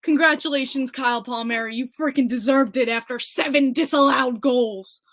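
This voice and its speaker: Woman, young adult, high voice, podcast host, excitable fan chatter, exclamatory. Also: normal speed. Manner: animated, exclamatory, fan cheering. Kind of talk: excited solo hockey podcast recap.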